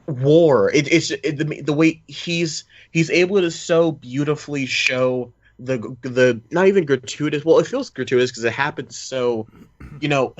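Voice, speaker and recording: A man's voice: medium pitch, no room sound. A man hosting a podcast, talking about movies in an enthusiastic, rambling way. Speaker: podcast host. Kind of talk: casual movie review chat. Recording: dry, dull lo-fi recording.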